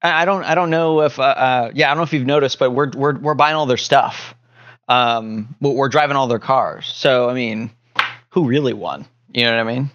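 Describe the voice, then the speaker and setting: A man co-hosting a casual podcast, rambling through a mock conspiracy theory with a deadpan tone and lots of fillers. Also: mid-range voice, normal speed, lo-fi sound. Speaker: podcast co-host. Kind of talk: casual joking chat.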